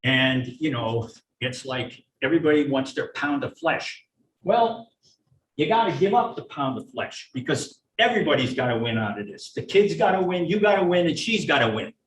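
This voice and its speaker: An older man, a retired child neuropsychologist, giving a blunt, folksy talk to parents and acting out parents and teachers in quick asides. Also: on the high side, expressive. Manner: blunt, folksy, plain-spoken. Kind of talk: public lecture to parents. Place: meeting room or auditorium. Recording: roomy, from a distance, faint hiss.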